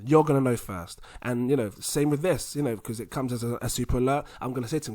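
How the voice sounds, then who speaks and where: A man hosting a video, talking viewers through charts in a chatty, animated way. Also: mid-range voice, fast, hardly any pauses, dry recording. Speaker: crypto video host. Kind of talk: casual chart commentary to viewers.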